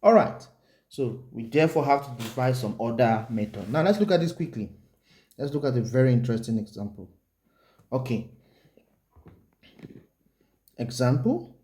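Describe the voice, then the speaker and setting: Man teaching maths, mellow voice. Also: medium pitch, animated, normal speed, long pauses. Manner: repetitive, asks the viewer rhetorical check questions; writes on the board while explaining. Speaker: maths tutor. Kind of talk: whiteboard maths lesson.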